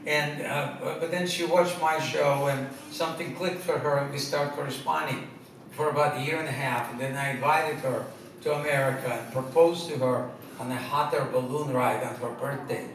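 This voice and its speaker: A man's voice: a little high, steady tone, normal speed. A man telling funny personal stories to a live audience, stumbling over restarts and laughing at his own punchlines. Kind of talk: humorous personal storytelling. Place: stage before a live audience. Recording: echoey hall, distant mic, loud noise.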